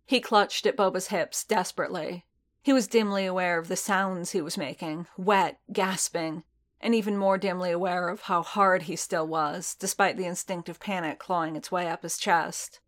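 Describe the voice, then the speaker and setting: A woman reading a piece of fan fiction aloud in steady, measured storytelling. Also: lowish voice. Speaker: audiobook narrator.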